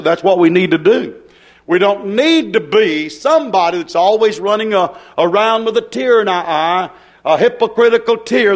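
A man preaching a sermon as pastor, with rising and falling emphasis, acting out the voices of people he quotes. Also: high-pitched.

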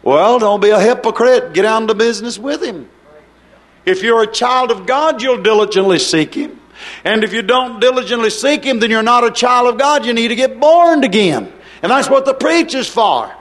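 A man with a notably high voice delivers a fervent sermon. He swings between ringing, lifted cries and low, hushed stretches, pressing his listeners with question after question. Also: animated, moderate pace. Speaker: preacher.

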